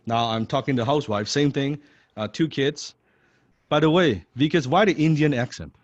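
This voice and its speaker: A sales coach talking on a video call, chatty and self-correcting as he explains his method. His voice is of middle pitch and sounds dry. The call audio is a little muffled. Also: moderate pace, no echo. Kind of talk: sales training role-play.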